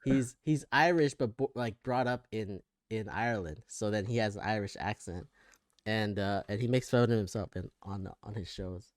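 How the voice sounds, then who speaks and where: A man's voice: on the low side, normal speed, dry recording, clean studio sound. A man with an American accent co-hosting a casual podcast, hesitant and trailing off with fillers and small laughs. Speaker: podcast co-host. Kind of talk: casual chat.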